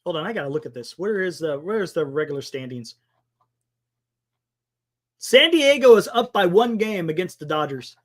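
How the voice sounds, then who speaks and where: A sports talk show host streams casually, working his way through the standings and firing sarcastic replies at chat. His voice sits high with wide, lively pitch swings, at a moderate pace broken by long pauses.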